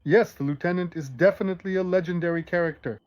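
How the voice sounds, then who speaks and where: Animated man telling jokes. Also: sits high, fast, no room sound, highs cut off. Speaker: host and joke teller. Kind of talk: casual joke telling.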